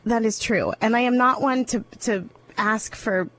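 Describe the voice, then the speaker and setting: A woman's voice: on the high side, unhurried, fairly bright tone, slight background noise. A woman in her thirties co-hosting a radio show, telling a story in an emotional, tearful way. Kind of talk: casual radio chat.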